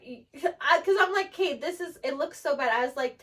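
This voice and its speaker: A woman's voice: sits high, brisk, fairly bright tone. A young woman telling a personal story in casual chat, candid and rambling, with frequent "like" and free swearing. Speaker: storyteller getting lashes done.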